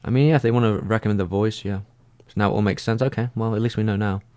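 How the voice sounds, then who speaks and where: A man with a deep, low-pitched voice chats casually on a livestream, working through viewer questions. He rambles, leans on "like" constantly, and restarts his sentences as he thinks aloud. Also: fairly even intonation, fast, darkish tone. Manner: rambling, heavy use of "like". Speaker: streamer answering viewer comments.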